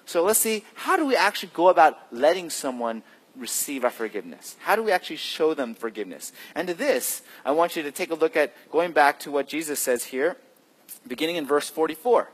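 A man's voice: a little high, very animated, breathy edge. Man preaching in a reverberant hall. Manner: swings between loud emphasis and hushed, drawn-out phrases; conversational, asks the listeners questions. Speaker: pastor. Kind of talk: sermon.

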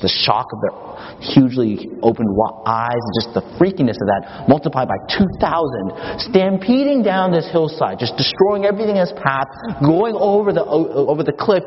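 A male pastor preaching a sermon in an animated, emphatic storytelling manner. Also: fairly high pitch, moderate pace. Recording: echoey hall, dull, faint hiss.

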